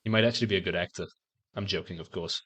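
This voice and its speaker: A man's voice: low-pitched, rapid-fire, fairly bright tone. A man streaming a game and chatting casually, rambling with stammered restarts and frequent swearing. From outside the United States. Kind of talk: casual chat while gaming on stream.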